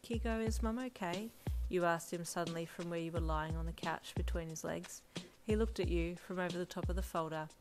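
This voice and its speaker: A woman's voice: fairly low pitch, brisk, hardly any pauses. Woman narrating a fanfiction audiobook. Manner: steady storytelling narration. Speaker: fanfiction reader. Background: faint lo-fi drum music.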